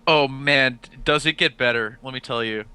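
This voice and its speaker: A man's voice: mid-range voice, moderate pace, sharp tone, clear, resonant tone, no room sound. A man hosting a casual podcast, telling a long anecdote and acting out the quoted lines. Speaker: podcast host.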